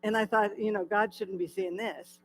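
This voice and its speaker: A woman giving a personal recovery testimony at a church, telling her story in a lively way, acting out the dialogue and often laughing. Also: medium pitch, normal speed, faint music behind, low-quality recording. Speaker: guest speaker at a church. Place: church hall.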